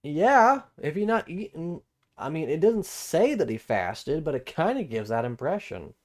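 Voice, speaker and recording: A man's voice: on the high side, very animated, measured pace. A man hosting a live-streamed Bible study, reading verses aloud and then commenting on them casually, rereading and repeating phrases as he thinks them through. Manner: casual, plain-spoken asides between formal scripture reading.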